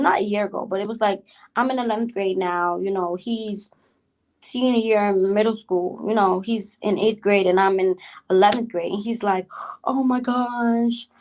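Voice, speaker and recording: A woman's voice: medium pitch, a little mellow. A woman hosting a casual storytime vlog, chatty and repetitive, who keeps addressing her viewers directly and greets live chat mid-story. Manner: chatty, repeats herself, addresses viewers as y'all. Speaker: vlog host telling a story.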